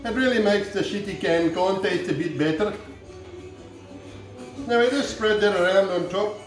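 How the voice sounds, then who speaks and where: An Irish man hosting a comic home cooking show, rambling through jokey, deadpan asides in his kitchen. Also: sits high, normal speed, heavy reverb, faint music behind, rough recording.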